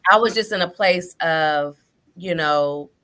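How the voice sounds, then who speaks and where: A woman's voice: sits low, measured pace, sharp tone. A woman guest author speaking over a video call in a casual interview. She talks hesitantly, with many fillers and "you know"s.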